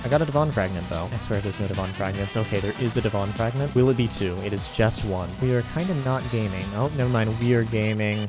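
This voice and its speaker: A man giving casual, self-mocking commentary over his own gameplay, with sarcastic asides. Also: on the low side. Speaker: gaming YouTuber.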